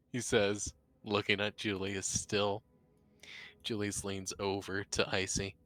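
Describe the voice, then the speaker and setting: A man's voice: lowish voice, monotone, slow pace, fairly bright tone, no echo. A man narrating his character's actions in a tabletop game, casual and third-person. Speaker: player.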